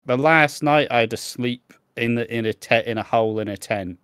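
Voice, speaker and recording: A man's voice: medium pitch, moderate pace, fairly bright tone, clean tone, no echo, studio quality. Sweary young Englishman telling stories. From England. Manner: sweary, laughing storyteller. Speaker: podcast co-host. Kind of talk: casual chat.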